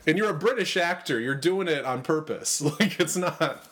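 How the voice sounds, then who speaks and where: A man's voice: fairly high pitch, lively intonation, moderate pace, a bit bright. A man hosting a podcast in casual chat, rambling, loose and laughing often. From American Midwest. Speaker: podcast host.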